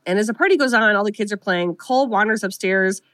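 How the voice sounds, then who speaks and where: A woman's voice: mid-range voice, fast, fairly bright tone, clean tone, dry recording. Chatty woman recapping a film, dry sound. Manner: chatty, sarcastic, acts out characters' lines. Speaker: podcast co-host recapping a film. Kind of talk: casual chat.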